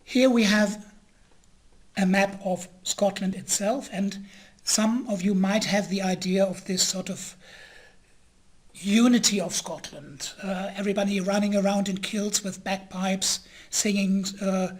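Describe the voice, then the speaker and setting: A male lecturer whose first language is German presents an online history talk. He speaks haltingly, with frequent pauses and filler sounds, and now and then clears his throat. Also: high-pitched, steady tone.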